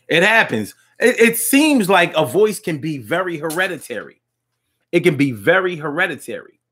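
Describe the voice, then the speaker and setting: Slangy husky-voiced man hosting a call-in show. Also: medium pitch. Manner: loose, slangy, animated reactions with repeats. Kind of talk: casual live show chat reading comments.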